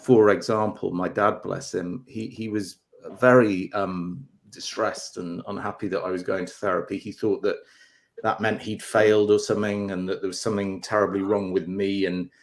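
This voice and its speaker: Deep-voiced, candid male guest. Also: steady tone, moderate pace. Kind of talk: candid talk show conversation.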